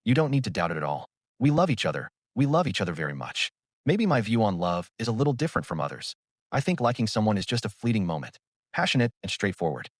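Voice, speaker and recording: A man's voice: fairly low pitch, big pitch swings, fast talker, dry recording, clean studio sound. Teasing young woman, voiced by a man. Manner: sweet and playful.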